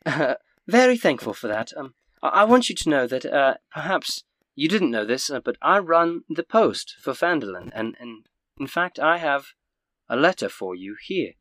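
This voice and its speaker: A woman's voice: lively intonation, brisk, no room sound. A man voicing an eager, grateful older innkeeper's wife who stammers in a raised voice. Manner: high, fluttering, stammering.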